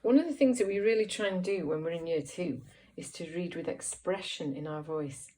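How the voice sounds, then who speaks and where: Gentle teacher reading to children. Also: female voice, fairly low pitch, poor audio. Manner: slow, clear and encouraging, with many questions to the listener. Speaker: primary school teacher. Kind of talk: reading lesson for young children.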